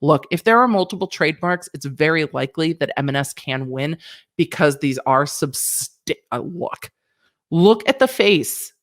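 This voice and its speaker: Lady lawyer chatting, kinda low voice, sassy and playful, close mic. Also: expressive, moderate pace. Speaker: lawyer commentator. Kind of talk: casual reaction commentary.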